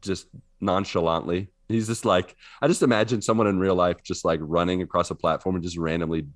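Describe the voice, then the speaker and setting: A man with a very low, deep voice co-hosting a casual podcast chat. He tells his stories with animation and laughs often. The sound is close and dry, with no room around it. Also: steady tone, brisk, no room sound. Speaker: podcast co-host.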